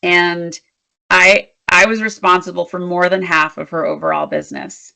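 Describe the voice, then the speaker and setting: Gravelly, bright-voiced woman guest. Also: lowish voice, normal speed. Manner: animated, emphatic storyteller. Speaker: interview guest, leadership strategist. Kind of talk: storytelling in a conversational interview.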